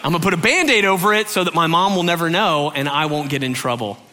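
A man's voice: fairly high pitch, fast, slight background noise. Man animatedly telling a funny story. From Georgia, US. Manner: animated, acts out quoted voices, frequent "right?" asides. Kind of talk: humorous personal anecdote.

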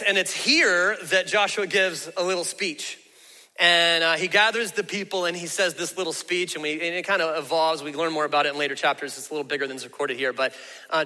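A man's voice: a little high, sharp tone, long reverb tail. A man preaching a sermon as pastor, in a folksy, conversational way with emphatic asides.

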